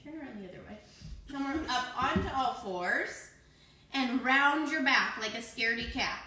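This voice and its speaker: In an echoey room with a little hiss or hum, a woman leads a children's yoga class in a high, animated voice at a moderate pace. She's bright, playful and encouraging as she calls out poses and breathing cues.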